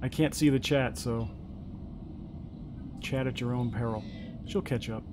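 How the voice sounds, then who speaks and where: A man's voice: medium pitch, measured pace, background noise. A man casually commenting as he plays a survival video game, thinking aloud about each move. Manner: chatty, thinking aloud while playing. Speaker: gaming streamer.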